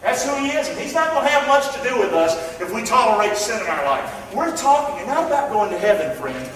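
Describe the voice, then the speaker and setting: A man preaching a sermon to a congregation, emphatic, calling out to the room and swinging between loud and soft. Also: high-pitched, big pitch swings, fast. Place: church. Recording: echoey church hall from far off, faint ambience.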